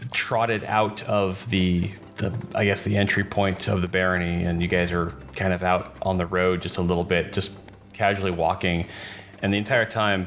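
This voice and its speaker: A man narrating as dungeon master, in a relaxed storytelling way with fillers. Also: low voice. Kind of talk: narrating a tabletop game.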